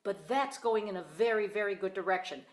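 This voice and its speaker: A woman's voice: medium pitch, brisk. A woman teaching a one-on-one singing lesson, explaining exercises and demonstrating them in an encouraging way. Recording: echoey room with piano.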